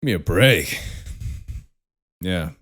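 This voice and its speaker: Speaking slowly and expressively, a young podcast co-host with a low, fairly bright voice chats casually. He rants, swears a lot, and breaks into laughter frequently.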